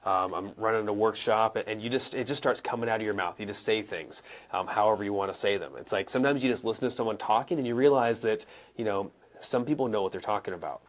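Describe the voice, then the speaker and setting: Man, young adult, live coaching, conversational, demonstrates with pauses and stressed words. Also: on the low side. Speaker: coach and speaker answering viewer questions. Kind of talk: live-streamed teaching. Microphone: camera mic, moves around and sits back down.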